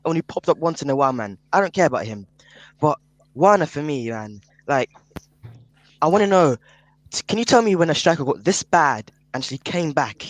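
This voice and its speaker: A man's voice: on the high side, lively intonation, a little fast, no echo, low-quality recording. A man on a podcast panel in casual football chat, emphatic and repetitive, keeping "man" on the ends of his sentences, heard over an online call mic. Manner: emphatic, keeps tagging "man" onto sentences.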